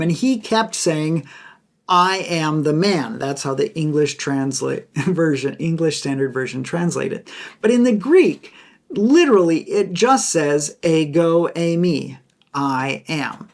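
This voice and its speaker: A man's voice: takes it slowly, creaky. A man hosting a Bible teaching podcast who explains a passage in a lecture style. He is emphatic, repeats key phrases and acts out quoted lines. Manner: acts out quoted speech with bright pitch jumps.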